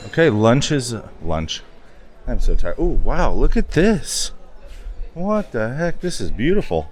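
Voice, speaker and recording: Man, travel vlogger, unhurried delivery, chatty on-the-go commentary, handheld camera mic. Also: mid-range voice, big pitch swings, darkish tone. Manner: chatty, narrating what he sees as he walks. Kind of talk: casual vlog commentary while walking.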